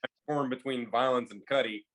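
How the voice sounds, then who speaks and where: A man's voice: medium pitch, fairly even intonation, brisk, fairly bright tone, rough recording. A man playing a tabletop game, talking in an amused, rambling way. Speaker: player. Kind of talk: casual tabletop game play.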